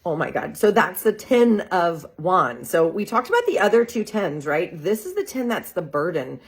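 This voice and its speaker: Gravelly-voiced woman reading tarot cards. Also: lowish voice, big pitch swings, normal speed. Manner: chatty, enthusiastic, laughs often, lots of "like" and "right?". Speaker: tarot reader. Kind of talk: casual tarot reading video. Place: real estate group's social video.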